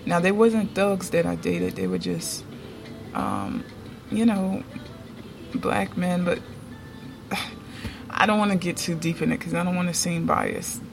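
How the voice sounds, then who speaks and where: A woman's voice: lowish voice, expressive, unhurried, gravelly, long pauses, music in the background. A woman talking casually to her viewers in a vlog, chatty and emphatic, often checking in with "okay?". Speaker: vlogger.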